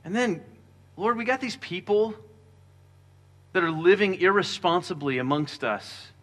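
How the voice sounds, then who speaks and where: A man preaching a sermon as pastor, earnest, with quieter stretches when he reads scripture. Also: high voice, measured pace.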